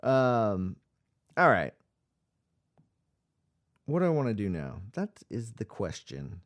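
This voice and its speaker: A man's voice: lowish voice, huge pitch swings, takes it slowly. A man hosting a home-made radio podcast, talking in a tired, rambling way with many ums and restarts. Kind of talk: casual rambling chat.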